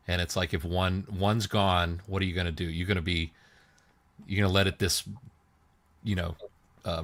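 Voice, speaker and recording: A man co-hosting a casual podcast who rambles through stories, often restarting, and puts on squeaky voices for other people. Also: a bit bright. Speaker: podcast co-host. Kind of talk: casual chat.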